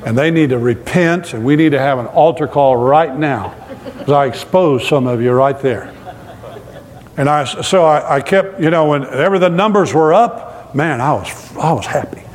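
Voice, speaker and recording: A man's voice: fairly high pitch, normal speed. A male pastor preaching a sermon with humorous storytelling, asking his congregation questions as he goes. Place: church hall with live congregation. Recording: long hall reverb.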